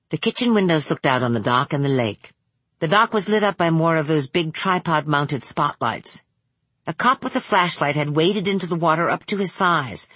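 A woman narrating a novel aloud in a measured, steady reading voice. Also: deep voice, slightly rough, dry recording. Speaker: audiobook narrator. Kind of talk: scripted narration.

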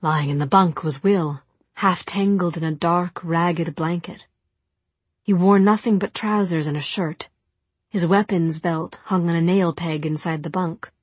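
A woman narrating an audiobook in a soft, measured storytelling manner. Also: lowish voice, steady tone, husky, dry recording. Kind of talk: audiobook reading.

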